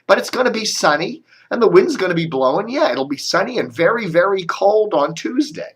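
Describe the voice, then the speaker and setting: A media blogger records a video commentary, grumbling and sarcastic as he rambles casually, coughing and restarting along the way. His voice sits high, sing-song and fairly quick.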